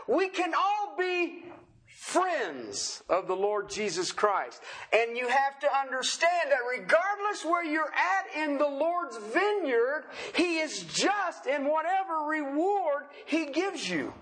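A middle-aged man preaching in a high voice that sits well above the usual male range. His tone is bright and forceful. He speaks with lively energy, throws rhetorical questions at the congregation and mixes in joking asides. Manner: animated, asks rhetorical questions, jokes with the congregation. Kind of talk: sermon.

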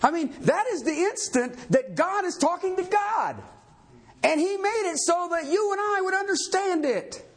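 A male pastor preaching a sermon in an emphatic, animated way, firing rhetorical questions at his church. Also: very high voice, breathy edge.

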